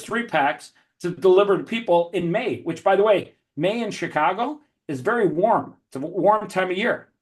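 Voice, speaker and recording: A man telling animated business anecdotes as an interview guest, energetic and full of quick restarts. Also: sits high. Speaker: entrepreneur guest. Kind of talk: storytelling podcast interview.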